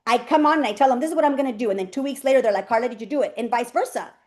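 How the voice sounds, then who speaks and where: A woman's voice: on the high side, racing. A woman coach speaking on a live video call, chatty and emphatic, laughing often as she motivates her group.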